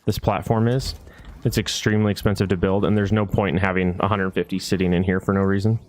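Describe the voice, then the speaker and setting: This man talks fast in a deep, darkish, level tone. While streaming a building game he mutters to himself about his plans and grumbles, irritated by bugs, in a loose stream of gameplay commentary.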